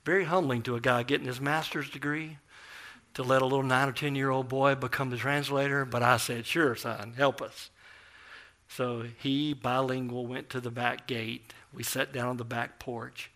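A man preaches a sermon built around a story. His voice is bright, with a middle pitch. He acts out the people in his story with plenty of animation. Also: little pitch movement, moderate pace.

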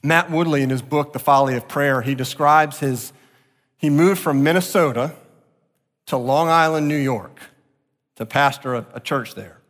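A man preaching a sermon as pastor, expressive, jumping up in pitch to act out quotes. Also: moderate pace. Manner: expressive, acts out quotes with sharp jumps in pitch. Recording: long reverb of a large hall.

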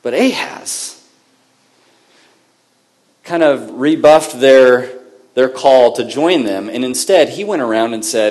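A man's voice: medium pitch, slow pace, pauses often. Man preaching a conversational sermon. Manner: conversational storytelling, lively with frequent self-corrections. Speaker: pastor.

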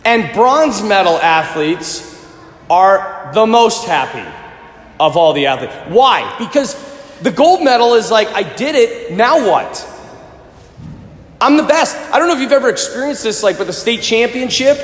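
A man in his thirties delivers a sermon, his fairly high voice leaping between shouts and near-whispers. He sounds lively and animated throughout. The recording carries the long, roomy reverb of a large church. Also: moderate pace. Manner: animated, swings from shouting to hushed. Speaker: preacher. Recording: echoey church, long reverb, faint ambience.

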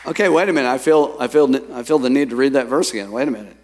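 A man preaching a sermon as pastor, lively, reading scripture and telling stories to his congregation. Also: mid-range voice, fast talker, slight background noise. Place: church sanctuary. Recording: long hall reverb.

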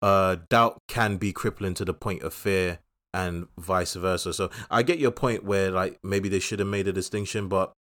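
A man's voice: sits low, fairly even intonation, moderate pace, hardly any pauses, fairly bright tone. A man co-hosting a casual podcast, chatting about films in a rambling, jokey way with many restarts. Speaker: podcast co-host. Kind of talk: casual podcast film chat.

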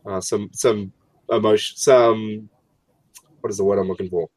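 A man's voice: on the low side, steady tone, moderate pace, a little mellow, no echo. A man in casual chat, rambling and searching for words as he talks.

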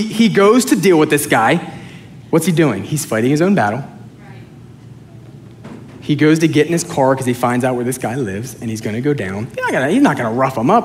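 A male pastor preaching a sermon, animated and joking, swinging between loud and soft. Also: on the high side, slight background noise. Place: church sanctuary with congregation.

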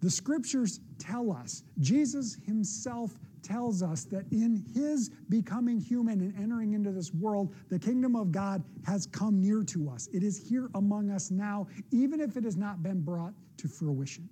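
A man's voice: high voice, expressive, moderate pace, few pauses, dark tone, slightly rough. A middle-aged man, a pastor, preaching a sermon in an earnest, conversational way with personal asides.

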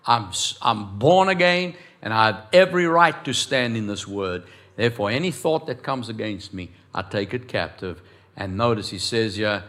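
A man preaching a lively sermon as pastor of a church, acting out voices and quotes along the way. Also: lowish voice, moderate pace.

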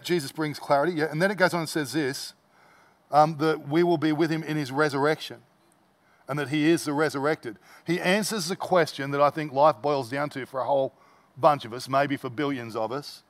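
A man delivers a sermon from the pulpit. His voice sits a little high for a man. He leans on repetition, building line on line with emphatic stress. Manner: emphatic, repetitive preaching cadence with restarts. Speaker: pastor.

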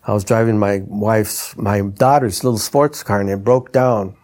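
Older man, anecdotal storytelling, animated, mimics the voices of people in his stories. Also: lowish voice, normal speed. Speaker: retired trumpeter and instrument designer.

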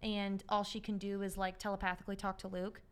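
A young woman hosts a podcast, speaking in a smooth, clean-toned voice. She chats loosely and casually, laughs a lot and swears without fuss. Her pitch sits at an ordinary middle level for a woman. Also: flat delivery, fast. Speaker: podcast host. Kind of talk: casual chat.

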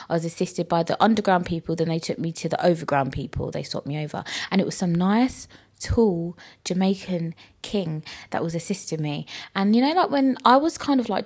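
A young woman telling stories casually on a podcast, animated and full of "like" and swearing. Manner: chatty, animated, frequent "like" and swearing; acts out quoted people in high squeaky voices. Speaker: podcast host. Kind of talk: casual storytelling chat.

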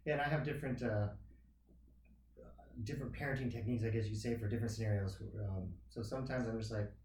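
A man's voice: fairly low pitch, fairly even intonation, quick pace, darkish tone. A man chatting casually in an easygoing, agreeable way. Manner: easygoing, agreeable, laughs often. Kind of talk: casual chat. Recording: echoey room, mic at a distance, faint noise.

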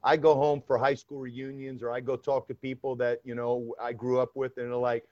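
A middle-aged man from Georgia with a New York accent, a former federal agent telling stories in an interview with emphatic, animated delivery. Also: mid-range voice, moderate pace, no echo. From Atlanta area, Georgia. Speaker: former FBI undercover agent, guest. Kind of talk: interview conversation. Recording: dull lo-fi dry sound.

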